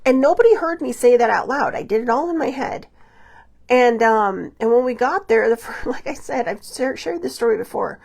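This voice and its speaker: A woman with a somewhat high voice edged with vocal fry talks through personal stories in a confiding, meandering way. She leans on fillers and restarts and acts out the lines of people she quotes. It sounds like a solo podcast host thinking out loud. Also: animated, moderate pace. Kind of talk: personal reflective monologue.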